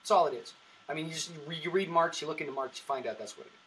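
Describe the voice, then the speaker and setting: Bright-voiced male comedian telling stories. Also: a little high, very fast, distant mic, low-quality recording. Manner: rambling storytelling with frequent restarts. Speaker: comedian guest. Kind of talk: casual podcast chat.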